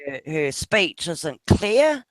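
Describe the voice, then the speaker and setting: A father with a New Zealand accent chats casually with a friend on an online video hangout, laughing often and swearing offhandedly as he talks about his kids. His voice is a little high and sing-song, slow, with no echo.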